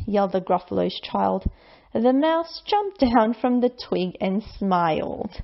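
A woman reading a rhyming children's bedtime story aloud in a slow, lilting, expressive way. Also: mid-range voice, vocal fry, muffled recording.

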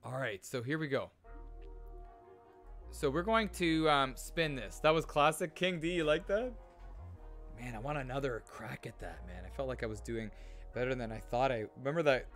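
A man's voice: medium pitch, expressive, normal speed, fairly bright tone, faint music behind. A man hosting a casual gaming livestream, chatty and reading viewer comments aloud as he talks. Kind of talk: casual live-stream chat.

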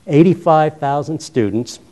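A middle-aged man from Colorado, a former high school principal, giving a keynote speech at a conference and telling humorous stories full of acted-out dialogue. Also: measured pace. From Colorado, USA. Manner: humorous, animated storyteller who acts out dialogue. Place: conference hall. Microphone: roving handheld mic.

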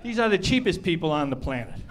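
A middle-aged man doing stand-up comedy on a club stage, animated and acting out the people in his stories. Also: on the high side, fast, slight background noise. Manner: animated, acts out characters.

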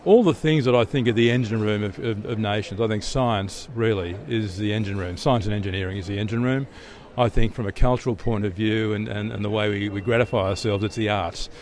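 A man's voice: fairly low pitch, fairly quick, hardly any pauses, darkish tone. A middle-aged Australian man, an interview guest telling stories in a chatty way, often restarting and repeating words. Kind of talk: relaxed storytelling answers.

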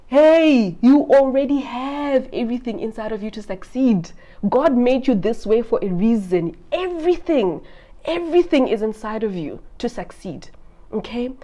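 A woman with a fairly high voice talks through a Bible passage in a casual, teacherly way. She reads verses aloud, then turns to the viewer with expressive asides and a frequent "right?". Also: normal speed. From South Africa. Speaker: Christian money vlogger.

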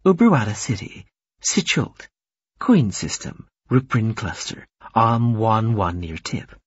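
A man reading the part of an amiable, gracious woman of late middle age, speaking slowly and gently. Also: fairly low pitch, very animated, husky, no echo, dull audio, heavily acted. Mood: matter-of-fact.

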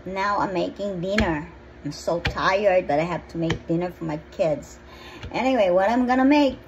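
A woman's voice: fairly low pitch, moderate pace, lo-fi sound, background noise. A middle-aged woman chatting casually through a home cooking vlog, meandering and repeating herself in her kitchen. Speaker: cooking vlogger. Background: chopping and pan sounds.

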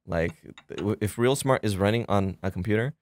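A man with a fairly low voice tells a lively behind-the-scenes story, stumbling through fillers and restarts. He slips into the voices of people he quotes. The sound is dry and close. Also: fairly quick, no room sound. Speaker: guest filmmaker. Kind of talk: casual podcast chat.

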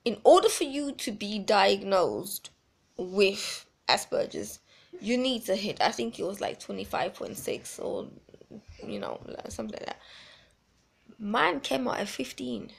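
A woman's voice: medium pitch, expressive, a little slow, creaky, breathy edge. A woman, talking bluntly and emphatically in a rambling vlog. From South Africa. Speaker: vlogger. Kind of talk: casual talk to camera.

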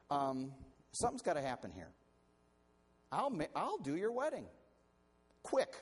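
A male pastor preaching a sermon in an animated, conversational way, often restarting his sentences. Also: high voice.

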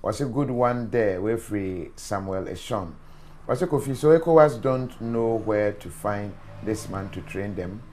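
A man's voice: lowish voice, lively intonation, measured pace, a little mellow, slight background noise. A man with a Ghanaian accent hosting a live show, reading out viewer comments and mixing in Twi asides. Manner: reads comments aloud, mixes in Twi, chuckles. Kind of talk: casual live-stream chat.

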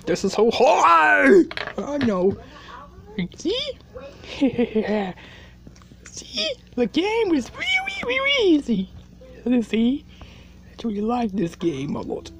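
This is a cartoonish, hot-tempered gamer, put on by a performer with a high, wildly swooping voice. The delivery crawls along, stretched and slow, with a gravelly edge under its shrieks. It flips between forced calm and yelling. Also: a little hiss or hum, heavily acted. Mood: frustrated. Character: hot-tempered cartoonish gamer who rages at a hard game.

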